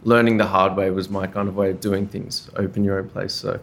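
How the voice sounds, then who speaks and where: Easygoing Australian man, low voice. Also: a little fast. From Brisbane, Australia. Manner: easygoing and chatty, with relaxed slang and frequent fillers. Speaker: chef and podcast guest. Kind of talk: casual conversational interview.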